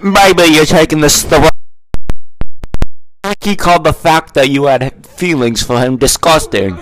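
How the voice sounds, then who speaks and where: A man reading the part of a calm, reassuring male best friend in a fan story, gentle and upbeat. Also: a little high, unhurried, soft background music, pitched above the performer's own voice, low-quality recording.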